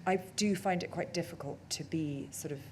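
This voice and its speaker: A woman's voice: low-pitched, brisk, darkish tone, slight background noise. A woman film director talking in an on-stage interview, chatty and self-deprecating, with lots of fillers. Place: on stage at a cinema talk event.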